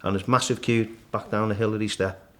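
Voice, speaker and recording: A middle-aged man, a guest in a casual interview, vividly retelling his climb and acting out the shouts and thoughts along the way. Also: lowish voice, a little fast. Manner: animated storyteller, acts out his own shouts and thoughts. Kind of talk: storytelling in casual conversation.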